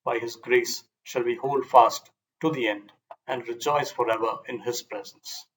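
A man's voice: mid-range voice, fairly even intonation, a little slow, rough recording. Man reading an old moral tale. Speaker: audiobook reader. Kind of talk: scripted narration.

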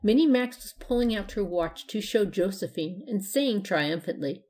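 A woman's voice: medium pitch, expressive, moderate pace, a little mellow. Woman reading a children's storybook. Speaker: narrator.

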